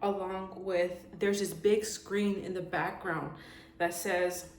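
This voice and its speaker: A woman's voice: medium pitch, fairly even intonation, slow. A young woman vlogger giving a casual, heartfelt, rambling review with lots of fillers. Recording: echoey room with faint background noise.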